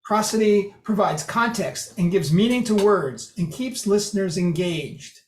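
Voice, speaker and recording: Casual online lecturer, mid pitch, chatty with restarts; video call sound, echoey room. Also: a little slow. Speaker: presenter. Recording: roomy echo.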